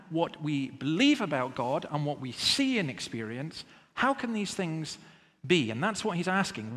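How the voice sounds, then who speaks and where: A man preaching with earnest emphasis, pressing his listeners with rhetorical questions. His voice sits a little higher than most men's. The sound rings with the long reverb of a hall. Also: big pitch swings, moderate pace, fairly bright tone. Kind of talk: sermon.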